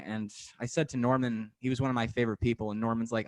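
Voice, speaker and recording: A man's voice: medium pitch, level tone, quick pace. Chatty man hosting a podcast. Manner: enthusiastic, chatty storyteller. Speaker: podcast host. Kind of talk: casual interview chat.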